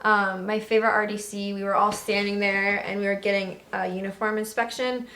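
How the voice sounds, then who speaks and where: A young woman recalling her Navy days in a relaxed, chatty vlog. She talks at a middle pitch, laughs easily and tells her stories with bubbly energy. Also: fairly quick. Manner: bubbly, laughs a lot, storytelling. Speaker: Navy veteran vlogger. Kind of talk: casual chat.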